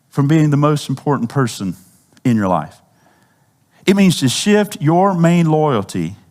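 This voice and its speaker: A man's voice: on the high side, darkish tone. A man preaching a sermon as pastor, talking in a casual, conversational way and often asking the congregation questions.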